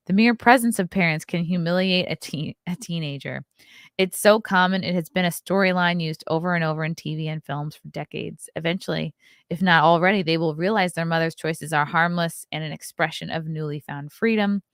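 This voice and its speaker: A woman's voice: on the low side, dry recording, clean studio sound. A woman hosting a casual live stream, reading news aloud and adding sarcastic asides to her chat. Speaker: show host.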